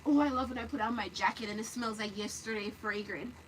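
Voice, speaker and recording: A woman's voice: a little high, quick pace. A woman vlogging outdoors on her phone, bluntly scolding and cussing at her dog. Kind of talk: casual vlog chat. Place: outdoors on a street. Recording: noisy outdoor street recording.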